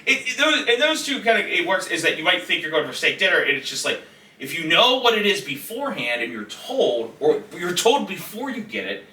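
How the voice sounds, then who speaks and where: A man, a comedian guest on a podcast, telling a story in an animated, restless way with quick restarts. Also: high voice.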